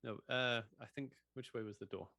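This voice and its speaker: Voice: mid-range voice, fairly quick, bright, forceful tone, dry recording, studio quality. A player in a tabletop game, voicing a flustered, stammering character.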